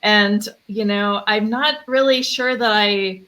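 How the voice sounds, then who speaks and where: Bright voiced mom asking for advice, kinda hesitant, trails off and laughs a lot. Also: female voice, medium pitch, fairly even intonation, slow pace. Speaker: caller, mother asking for advice. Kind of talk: casual chat.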